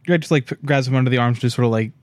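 Male tabletop player, casual and laid-back, smooth resonant voice, dry recording. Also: mid-range voice, racing, a little mellow, no room sound. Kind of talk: casual chat at a tabletop game.

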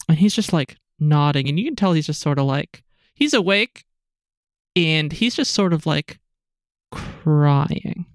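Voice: medium pitch, no echo, clean studio sound. A game master narrating a tabletop game in a loose, rambling way, full of "like" and repeated words.

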